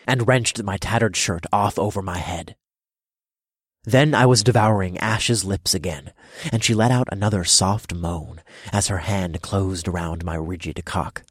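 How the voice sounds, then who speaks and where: A man narrating a first-person erotic story in low, measured storytelling. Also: husky, dry recording, clean studio sound.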